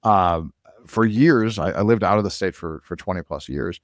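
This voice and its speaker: A man's voice: sits low, normal speed, no room sound, studio quality. A man from Minnesota hosting a podcast in casual interview chat, rambling and restarting sentences. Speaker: podcast host.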